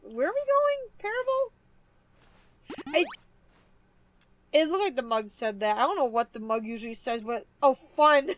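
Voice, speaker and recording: A woman's voice: sits high, sing-song, moderate pace, long pauses, fairly bright tone. A woman streamer chatting casually with her viewers while playing, chatty and easily amused. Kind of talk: casual game livestream chat.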